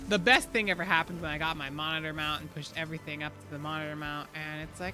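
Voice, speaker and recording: A woman streaming a game, chatting casually and excitably with rambling asides to her viewers. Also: sits low, quick pace. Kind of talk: casual live-stream chat while gaming.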